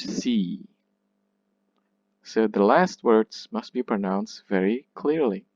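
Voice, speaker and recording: Slow, lively-pitched male lecturer. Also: dry recording, muffled recording. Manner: slow, deliberate, exaggerates stress when reading lines aloud; frequent "yeah?" checks and self-corrections. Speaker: literature lecturer. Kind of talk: recorded lecture on poetic meter.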